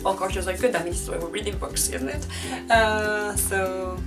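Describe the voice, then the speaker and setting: A woman's voice: medium pitch, steady tone, normal speed, music in the background. A woman reviewing a book in a casual vlog, chatty and enthusiastic, often laughing as she talks. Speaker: book vlogger.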